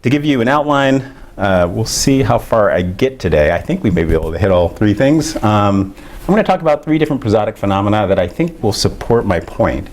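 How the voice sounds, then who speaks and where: A middle-aged man giving an academic lecture, explaining ideas in a measured way with frequent fillers. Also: lowish voice, very animated, darkish tone.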